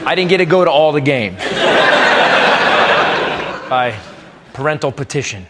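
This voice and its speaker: On a comedy club stage, a man rants brashly through a crude stand-up set for a live audience. His voice is a little high, expressive and measured, with a big-room sound, and the live club recording carries loud crowd noise.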